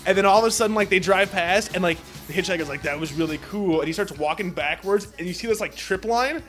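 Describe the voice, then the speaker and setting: A man with a notably high voice tumbles through an excitable, profanity-laced movie rant in loose conversation. Faint music plays underneath. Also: fast talker. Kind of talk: casual chat.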